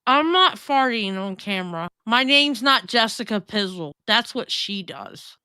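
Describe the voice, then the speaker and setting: A woman's voice: on the high side, lively intonation, unhurried, pushed and bright, clean tone, no room sound, studio quality. A woman co-hosting a livestream in casual chat, tipsy, brash and crude, swearing a lot. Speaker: livestream co-host.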